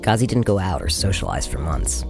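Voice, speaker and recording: A man narrating a scripted radio story in a husky voice, with a dramatic delivery. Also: low voice, big pitch swings, fairly quick, over music. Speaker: podcast host narrator.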